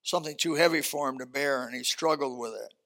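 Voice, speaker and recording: A man preaching a sermon as pastor, animated and folksy, swinging from loud emphasis to quiet asides. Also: medium pitch, fast, vocal fry.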